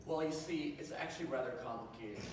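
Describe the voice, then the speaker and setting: A man's voice: mid-range voice, a little fast, slight background noise, close to an everyday voice. A man playing an earnest, awkward young wizard in an amateur live stage reading. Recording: echoey hall, distant mic.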